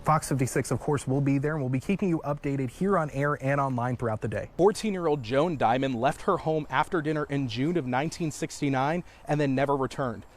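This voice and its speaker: A man working as a television news reporter, speaking in a crisp, steady broadcast delivery while reporting live from outdoor scenes. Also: medium pitch, brisk, few pauses.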